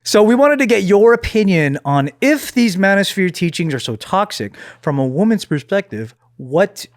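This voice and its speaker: A man's voice: high voice, big pitch swings, moderate pace. A man hosting a comedy talk show, asking guests playful, leading questions in casual chat. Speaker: host.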